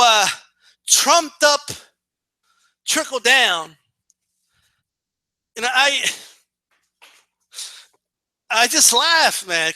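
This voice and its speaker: A man's voice: high-pitched, bright, forceful tone, no echo. A man giving profane, emphatic political commentary in a casual rant, full of fillers and "right?" tags.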